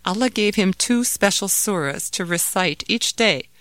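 A woman voicing a gentle, loving mother who speaks soothingly and patiently. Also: medium pitch, animated, a little slow, no echo. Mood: explaining. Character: gentle loving mother calming her son.

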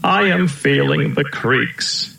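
A man voicing a gentle, kindly old male elephant who tells slow stories, in a roomy-sounding recording. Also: on the high side, gravelly, pitched above the performer's own voice, full character voice. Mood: weary. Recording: roomy echo.

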